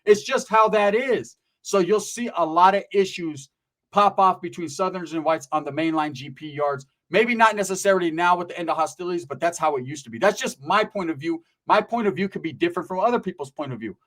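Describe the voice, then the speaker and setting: Here a channel host spins casual tales of life behind bars, using coarse street slang and frequently tossing in "right?" His voice is high, his pace fairly quick, and his tone fairly bright.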